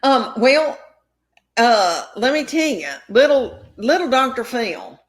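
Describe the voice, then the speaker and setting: A woman's voice: fairly high pitch, sing-song, slow. A middle-aged woman, a comedian guest, telling rambling anecdotes in casual chat. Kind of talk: casual storytelling.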